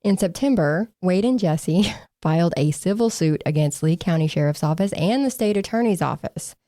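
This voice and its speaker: A woman's voice: fairly low pitch, expressive, normal speed, mellow, dry recording, clean studio sound. A woman co-hosting a casual true-crime podcast, sarcastic and laughing as she mocks the people she talks about. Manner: sarcastic, laughing, mocking quotes. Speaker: podcast co-host.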